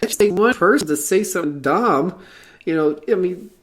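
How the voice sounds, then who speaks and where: A woman's voice: fairly low pitch, expressive, moderate pace. A woman hosting a casual talk show, speaking earnestly and hesitantly, with frequent fillers and restarts. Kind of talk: casual podcast chat.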